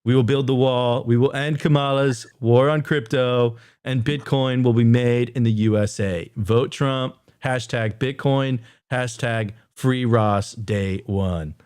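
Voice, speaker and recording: A man's voice: medium pitch, steady tone, measured pace, hardly any pauses, a little mellow, clean tone, no room sound, studio quality, close to an everyday voice. A man doing a brash boastful politician impression. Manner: brash, boastful, repetitive slogans. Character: male former president impression, boastful rally speech.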